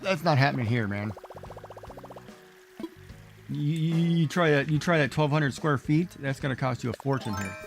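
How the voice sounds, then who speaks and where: A man's voice: on the high side, lively intonation, moderate pace, gravelly, pauses often, over music. A middle-aged man streaming a game, chatting casually in a rambling, exclamatory way and talking back to the characters on screen. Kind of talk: casual chat while playing.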